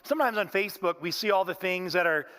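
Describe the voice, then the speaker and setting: A man's voice: high-pitched, quick pace, pushed and bright. A man preaching a sermon in a church, telling stories in a folksy way and often saying "man". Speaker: pastor. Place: church sanctuary.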